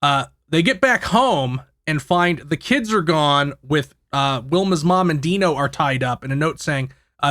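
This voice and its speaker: Man, host, rambling movie plot recap, swears casually, slightly high, bright voice. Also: expressive, measured pace, few pauses. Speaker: podcast host, main recapper.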